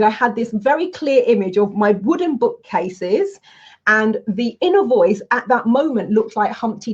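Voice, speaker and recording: Casting note: woman, coach hosting a webinar, animated storyteller, somewhat lo-fi sound. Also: on the high side. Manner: lively, candid, anecdotal.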